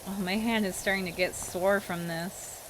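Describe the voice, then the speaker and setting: A woman's voice: medium pitch, steady tone, moderate pace, noisy background. A young woman streamer and voice actor in casual livestream chat, answering chat and acting out characters as she plays.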